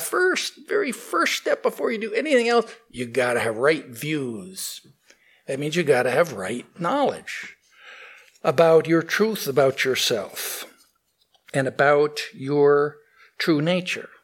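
A man telling a fable and then explaining its spiritual meaning, thoughtful with frequent pauses. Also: a little high. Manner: slow, thoughtful, with fillers and restarts. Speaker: spiritual teacher.

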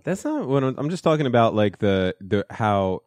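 A man's voice: mid-range voice, very animated, normal speed, a little mellow, no room sound. A man in his thirties, stoned, telling a rambling self-deprecating story in casual podcast chat. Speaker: podcast co-host.

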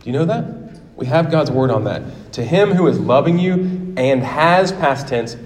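A man in his forties preaching a sermon in a church, telling stories in a lively way and acting out quotes. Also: mid-range voice, unhurried, pauses often, a little hiss or hum. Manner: animated storytelling with acted quotes. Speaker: pastor. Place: church sanctuary. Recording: long hall reverb.

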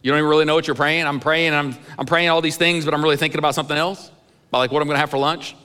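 Middle-aged pastor guy preaching, chatty and honest, kinda high bright voice, church echo. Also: fairly even intonation, very fast, smooth. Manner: conversational, candid storytelling with humor. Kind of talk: sermon. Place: church sanctuary.

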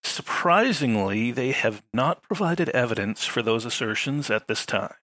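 A man on a podcast panel, explaining things in a measured way with a dry sense of humor. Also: mid-range voice, lively intonation, fairly bright tone, dry recording. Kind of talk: casual podcast discussion.

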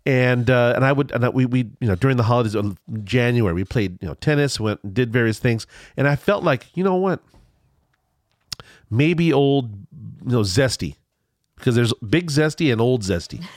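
Rambling middle-aged man, lively pitch. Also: moderate pace, no room sound, clean studio sound. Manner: rambling storyteller, many restarts. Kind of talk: casual chat.

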